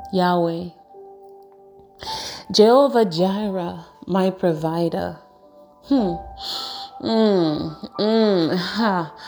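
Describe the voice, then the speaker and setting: A woman hosting a morning devotional, praying softly and slowly at home. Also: lowish voice. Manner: slow, soft prayerful delivery; sing-song greetings, baby talk to her dog. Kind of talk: morning prayer and encouragement. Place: bedroom at home.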